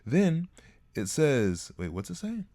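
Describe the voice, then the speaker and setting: A man casually retelling a Bible story, joking in slang and swinging his pitch widely for emphasis. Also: big pitch swings, takes it slowly, mellow. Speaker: online Bible teacher.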